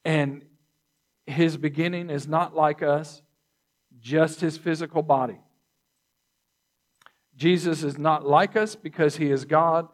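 Pastor, male, measured sermon delivery; unhurried pace, voice on the higher side. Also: steady tone. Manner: slow, deliberate teaching with repeated phrases; throat clearing between points.

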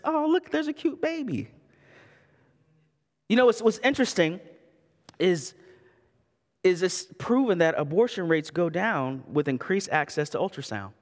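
A man in his thirties delivers a sermon in a church sanctuary, his fairly high voice trailing into a long reverb. He preaches conversationally, with asides and restarts. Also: a bit bright. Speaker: pastor.

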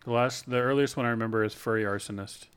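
A man's voice: medium pitch, steady tone, fast talker, fairly bright tone, clear, resonant tone. A man in a casual podcast chat, making dry, joking asides.

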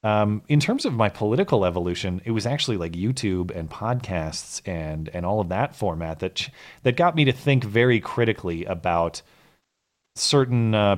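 A young man with a hoarse, fading voice, co-hosting a live call-in podcast and rambling casually through restarts. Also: low-pitched. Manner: rambling, self-deprecating, many restarts. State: hoarse, losing his voice. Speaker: podcast co-host.

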